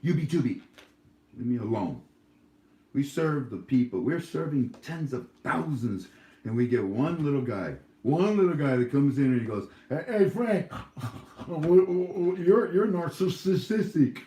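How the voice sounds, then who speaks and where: A man's voice: medium pitch, expressive, moderate pace, dark tone, roomy sound. A man hosting a casual livestream Q&A, rambling and joking with frequent laughs. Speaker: livestream host.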